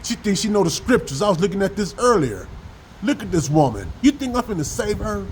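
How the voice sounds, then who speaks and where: Profane man preaching in a high, lively voice. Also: fairly quick, a little hiss or hum, low-quality recording. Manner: profane, preachy and rambling, with slang. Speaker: vlogger preaching on scripture. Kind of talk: casual religious rant with scripture reading.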